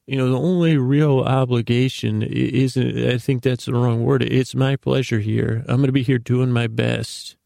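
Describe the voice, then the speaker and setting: A man hosting a bedtime podcast, rambling in a meandering, self-deprecating way with a creaky voice, often stumbling and repeating words. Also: medium pitch, steady tone, moderate pace, few pauses, dark tone, no echo, studio quality. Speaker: podcast host.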